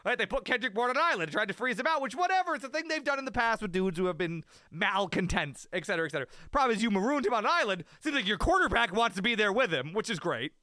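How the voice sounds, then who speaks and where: Man, high and bright voice, rambling sports rant, dry close sound. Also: quick pace, hardly any pauses, no echo. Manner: animated, rambling, self-mocking rants. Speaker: podcast co-host. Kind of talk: casual sports talk.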